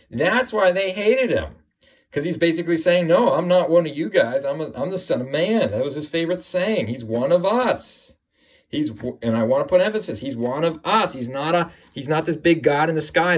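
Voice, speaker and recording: A man giving informal Bible teaching, emphatic and often asking "right?". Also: a little high.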